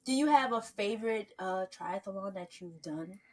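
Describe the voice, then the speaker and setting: A woman hosting a podcast interview, talking casually and softly. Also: medium pitch, normal speed. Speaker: podcast host.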